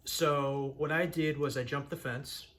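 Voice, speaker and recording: Unhurried and steady in tone, a young man whose voice is a little high and fairly bright tells his personal story as a channel host. He's from Massachusetts, USA, and rambles earnestly, restarting often.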